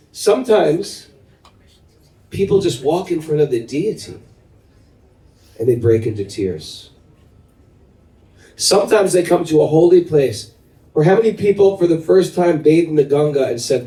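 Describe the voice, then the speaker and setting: Speaking on the high side, a middle-aged man who leads kirtan as a spiritual teacher delivers a devotional talk to an assembled group. He tells stories with animation and often poses questions to the audience, his voice reverberating through the room via a far-off microphone.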